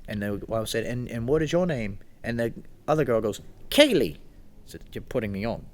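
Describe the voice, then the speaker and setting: A man's voice: mid-range voice, a little fast, a little mellow. A man co-hosting a casual podcast chat, a rambling storyteller who laughs often and acts out quotes. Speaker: podcast co-host.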